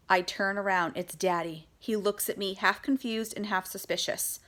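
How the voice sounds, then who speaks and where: A woman's voice: mid-range voice, moderate pace, hardly any pauses. Woman reading a children's storybook aloud. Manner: lively, voices a young girl's first-person narration. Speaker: audiobook reader. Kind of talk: children's audiobook narration with character voices.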